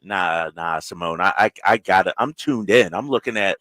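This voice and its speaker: A man co-hosting a sports radio show, talking earnestly in relaxed casual chat at a studio mic. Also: deep voice, normal speed, dry recording. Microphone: studio microphone.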